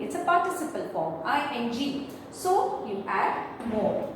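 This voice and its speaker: A woman's voice: on the high side, big pitch swings, measured pace, few pauses. A woman teaching a grammar lesson, explaining step by step and spelling out letters. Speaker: English teacher. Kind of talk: slow classroom grammar lesson. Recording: echoey room, mic far off, faint noise.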